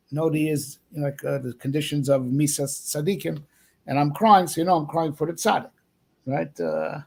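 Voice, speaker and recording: Male rabbi, casual lesson delivery, rambling with fillers; slightly raised pitch, gravelly texture. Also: fairly even intonation, normal speed, darkish tone. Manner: rambling, many fillers and 'right?' checks. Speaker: rabbi teaching.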